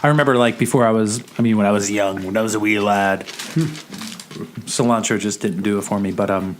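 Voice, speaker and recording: A man's voice: fairly low pitch, fairly even intonation, a little fast, slight background noise. A man hosting a podcast, chatting casually and jokingly while eating. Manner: upbeat, jokey, says "man" and "you know" a lot. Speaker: podcast host. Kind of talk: casual chat.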